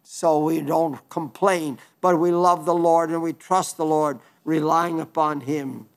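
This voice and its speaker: A man's voice: on the high side, fairly even intonation, measured pace. An older man preaching an earnest, folksy sermon, pleading with his listeners, often restarting his words.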